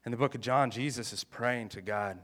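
A man preaching a sermon in a chatty, animated way, mixing jokes and scripture. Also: mid-range voice, fairly quick, long reverb tail. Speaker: pastor.

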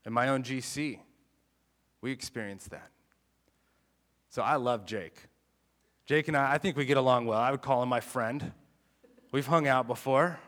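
A man preaching a sermon in a chatty, animated way, mixing jokes and scripture. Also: medium pitch, normal speed, pauses often, in a large hall. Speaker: pastor.

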